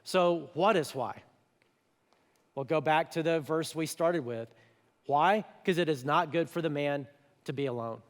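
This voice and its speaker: A man preaching to a church in a conversational, animated way, breaking into little voiced asides. His voice sits fairly high for a man. The sound carries the long reverb of a large church auditorium. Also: unhurried, pauses often. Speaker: pastor. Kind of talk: sermon.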